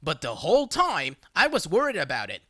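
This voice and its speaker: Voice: mid-range voice, wildly swooping pitch, fairly quick, pushed and bright, no echo, clean studio sound. A text-to-speech voice reading online stories aloud, spelling out abbreviations letter by letter. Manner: synthetic, reads abbreviations letter by letter. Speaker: narrator.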